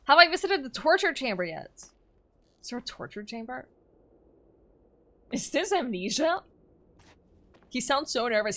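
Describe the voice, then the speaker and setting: A woman's voice: high voice, sing-song, a little slow, long pauses, pushed and bright. A woman streaming a game live, laughing often and chatting playfully with viewers. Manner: giggly, playful, thanks viewers.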